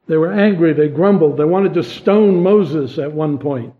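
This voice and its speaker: A man preaching a sermon in an earnest way, asking pointed questions and then dropping his voice low. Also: unhurried, hardly any pauses. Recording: tinny phone-like sound.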